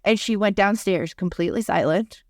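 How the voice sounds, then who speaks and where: A woman's voice: mid-range voice, normal speed, no room sound, clean studio sound. A young adult woman, a podcast co-host, telling a story in casual chat and filling it with lots of "like". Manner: rambling, heavy use of "like" fillers.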